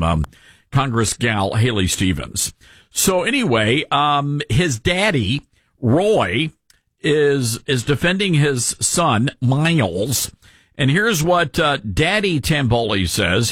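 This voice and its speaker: A man's voice: mid-range voice, a bit bright, husky, no echo. A man hosting a radio talk show, delivering commentary with sarcastic, mocking asides from a studio.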